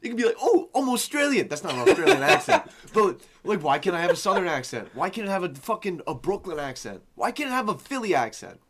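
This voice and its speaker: A man's voice: high-pitched, sing-song, quick pace, few pauses, a bit bright. A young man co-hosting a podcast, telling rambling stories in casual chat, swearing freely and laughing as he talks. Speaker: podcast co-host.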